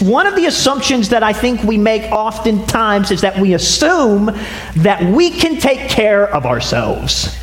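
A man's voice: sits high, fairly bright tone. A man preaching a sermon to a congregation, telling stories with frequent restarts. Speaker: pastor. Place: church sanctuary. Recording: echoey hall with long reverb.

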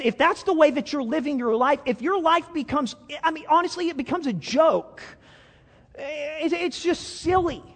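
A man's voice: extremely high pitch, long reverb tail. A man preaching a sermon as a pastor, telling a story in a folksy way with frequent stammered restarts.

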